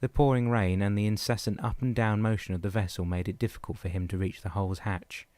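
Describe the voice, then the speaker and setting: Male audiobook narrator, low and even, dry booth sound. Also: fairly quick, no room sound. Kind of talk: scripted narration.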